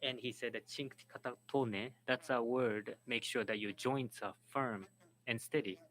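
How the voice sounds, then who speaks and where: A man moderating and interpreting at a symposium, speaking haltingly and restarting words. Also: medium pitch, fairly even intonation, fairly bright tone, slight background noise, poor audio. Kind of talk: symposium panel talk.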